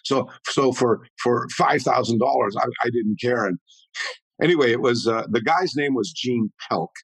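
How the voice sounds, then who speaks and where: A man in his sixties, a martial arts historian telling stories as an interview guest in an animated, rambling way. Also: mid-range voice, moderate pace, slightly rough, no room sound, poor audio. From Canada. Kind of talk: conversational storytelling.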